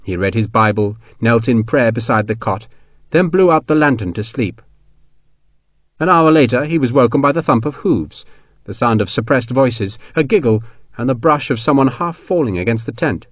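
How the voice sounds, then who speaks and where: A man giving measured, expressive narration of an audiobook. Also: medium pitch, dry recording. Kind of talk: scripted narration. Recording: dry studio recording.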